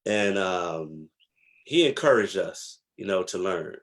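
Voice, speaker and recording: A man's voice: low-pitched, animated, takes it slowly, a bit bright. A man from New Jersey, a guest historian, telling stories from his past in a reflective, emphatic way with many fillers. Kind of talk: casual interview storytelling.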